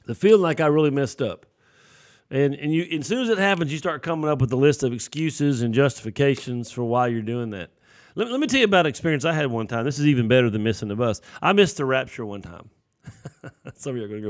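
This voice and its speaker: A man's voice: a little high, animated, quick pace. A man preaching a sermon, telling folksy stories and acting out the voices in them. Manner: folksy storytelling with acted-out voices.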